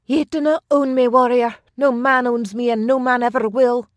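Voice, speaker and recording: Woman doing a proud lady fighter, sharp tongue, high and indignant, dry close sound. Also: animated, moderate pace, no room sound. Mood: defiant. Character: fiery young Scottish noblewoman, proud and defiant.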